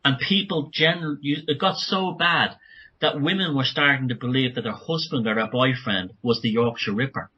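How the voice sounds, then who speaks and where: Man, husky, urgent podcast guest, quick bursts and restarts, dull lo-fi call audio. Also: mid-range voice, pushed and bright. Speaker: guest author. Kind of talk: podcast interview.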